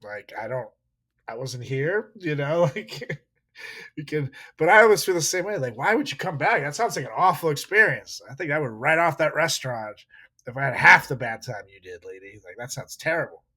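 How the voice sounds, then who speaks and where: Brief: male podcast co-host, slightly high voice, swings all over in pitch, swears and laughs a lot. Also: fairly quick, slightly rough. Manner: animated, profane, laughs often. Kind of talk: casual podcast chat.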